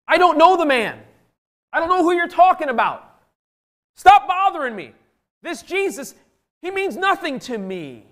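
A male preacher voicing an agitated, defensive man, raising his voice high and insisting. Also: big pitch swings, measured pace, pauses often, a bit bright, full character voice. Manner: high-pitched, insistent denial.

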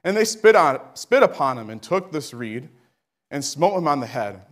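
Man, preacher, sermon, fervent, rising to shouts, slightly high pitch. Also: very animated, moderate pace.

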